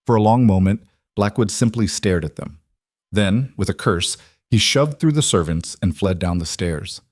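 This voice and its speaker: Low-voiced male story narrator. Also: animated, moderate pace, darkish tone, no echo, studio quality.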